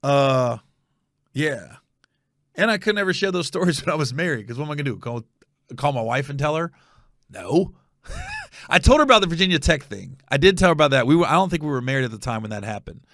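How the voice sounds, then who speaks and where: A middle-aged American man tells stories on his podcast, acting out every quote with lively swings in pitch. His voice is bright and gravelly. The sound is close and dry. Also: brisk, dry recording. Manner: animated, acts out quotes, swears freely. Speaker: podcast host. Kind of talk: casual storytelling.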